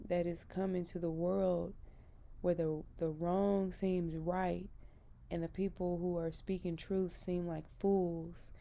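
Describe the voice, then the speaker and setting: With a lowish, creaky, mellow voice, a Christian vlogger in her thirties recounts her personal faith testimony. She is earnest and emphatic, retelling it with feeling.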